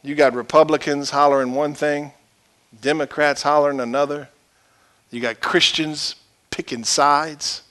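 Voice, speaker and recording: A male pastor preaching a sermon in a church, swinging from loud shouted peaks to quiet low asides. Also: steady tone, unhurried.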